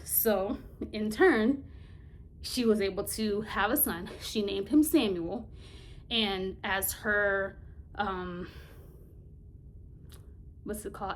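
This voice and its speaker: A woman's voice: medium pitch, a little mellow, slight background noise. A woman casually retelling a Bible story in a Bible study vlog, colloquial and chatty, often laughing and searching for words.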